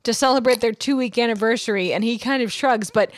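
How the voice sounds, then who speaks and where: A woman's voice: a little high, no room sound. Chatty woman recapping, dry sound. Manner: chatty plot recap with quick asides. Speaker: podcast co-host. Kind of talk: casual chat.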